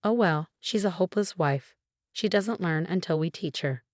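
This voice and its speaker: A woman's voice: on the low side, moderate pace, no echo, studio quality, lightly acted. A woman reading as a spiteful young husband. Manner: frantic.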